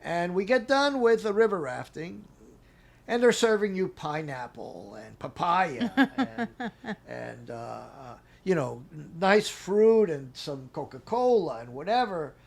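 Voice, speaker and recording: With a high voice edged by vocal fry, this middle-aged man speaks at a measured pace as an interview guest. He relates a long personal story casually, animatedly acting out dialogue and laughing throughout.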